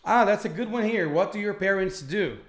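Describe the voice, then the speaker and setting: A man from Brazil teaching a live online English lesson, speaking slowly and repeating phrases for learners. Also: high-pitched.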